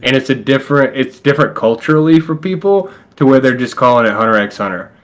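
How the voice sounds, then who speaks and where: A man's voice: medium pitch, lively intonation, quick pace. Easygoing man in podcast chat. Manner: laid-back, explaining with many fillers and laughs. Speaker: podcast co-host. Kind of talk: casual chat.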